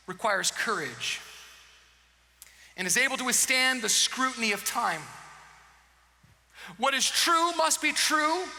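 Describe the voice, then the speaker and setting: Male pastor, sharp gravelly voice, dramatic preaching that swings loud to hushed. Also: very high voice. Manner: dramatic, swings from loud emphatic lines to hushed slow ones. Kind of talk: sermon. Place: church sanctuary. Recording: long church hall reverb.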